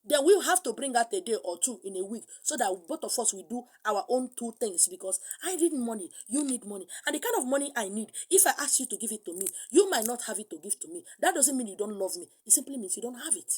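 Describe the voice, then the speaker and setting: Husky Nigerian woman preaching animatedly. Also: fairly high pitch, fast talker, hardly any pauses. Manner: animated, mixes in pidgin and acted voices. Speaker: spiritual teacher. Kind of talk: sermon.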